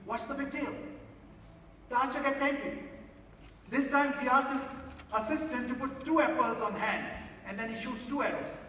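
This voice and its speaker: Cast: high-pitched male motivational speaker, emphatic, theatre reverb. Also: fairly even intonation, normal speed, pushed and bright, distant mic, a little hiss or hum. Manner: emphatic, addresses the audience directly. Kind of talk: inspirational stage talk with a story. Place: large theatre stage. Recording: echoey theatre hall from afar.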